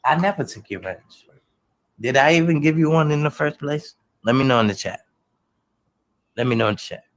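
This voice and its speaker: Animated man hosting a casual livestream. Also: mid-range voice, normal speed, rough recording. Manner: animated, talks to chat, lots of slang. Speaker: livestream host.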